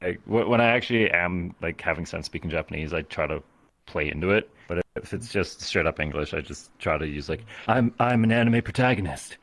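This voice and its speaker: A man's voice: deep voice, brisk. A man running a VR role-play event, chatting casually and often restarting his sentences. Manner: stammering restarts, animated.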